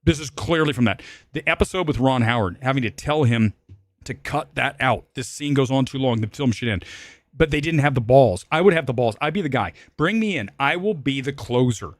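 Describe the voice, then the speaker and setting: A man hosting a live-stream movie show, ranting animatedly with swearing and sudden loud, high-pitched outbursts. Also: expressive, brisk, no room sound. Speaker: film critic and show host.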